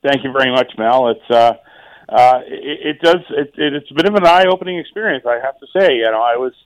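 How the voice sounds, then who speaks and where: A middle-aged township mayor chats casually as a radio guest in a mid-range voice, halting along with lots of fillers, restarts and repeated words. There's no room sound, and the audio is poor.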